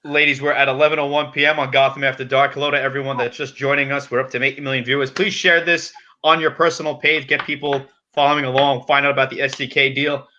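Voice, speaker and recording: A man hosts a live show over video call, upbeat and bantering, with quick plugs. His voice is medium-pitched, level, bright and forceful, and the lo-fi sound is slightly dull.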